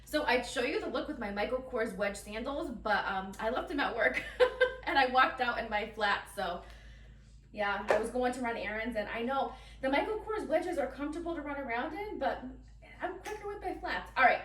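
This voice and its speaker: A woman's voice: sits high, normal speed, fairly bright tone, roomy sound, distant mic, slight background noise. A woman chatting casually and giggling through a try-on haul, talking straight to her viewers. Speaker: fashion vlogger.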